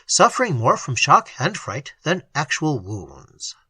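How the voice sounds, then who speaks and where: A narrator voicing a calm, authoritative male doctor who speaks quietly and with measured decision, in a classic storybook reading. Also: medium pitch, breathy edge, no echo, full character voice.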